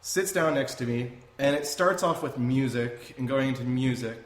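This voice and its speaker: A young man, a guest telling travel stories in an animated, rambling, self-amused way. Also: mid-range voice, normal speed. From Canada. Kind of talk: casual storytelling. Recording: echoey room, faint noise.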